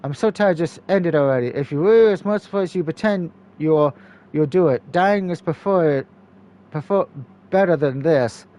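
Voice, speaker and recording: A man's voice: a little high, normal speed, warm tone, close to an everyday voice. A man reading a game aloud, voicing a young woman witch held prisoner who talks in an angry, bitter, worn-out way. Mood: bitter, despairing.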